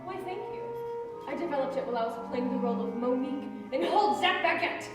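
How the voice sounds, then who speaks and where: A dramatic young showgirl bride, breathless and high-pitched. Heard from far off across a reverberant theatre, with loud music underneath. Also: lively intonation, quick pace. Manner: breathless and melodramatic. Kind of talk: stage musical acting. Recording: echoey theatre stage with music, mics far off.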